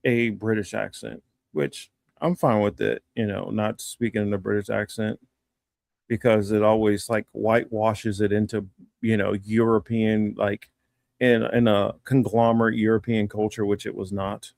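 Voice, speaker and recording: A man with a gravelly, fry-heavy voice talks loosely on a livestream, circling through his thoughts with plenty of pauses and fillers. The sound is dry and close, with no room around it. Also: lowish voice, level tone, a little mellow, no echo. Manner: rambling, halting, many fillers. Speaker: livestream co-host. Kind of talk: casual chat.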